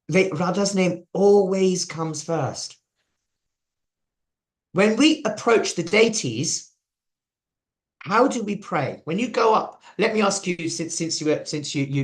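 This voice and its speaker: A man with an English accent giving a chatty devotional talk, sharing stories and asking the audience questions. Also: on the high side. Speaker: preacher.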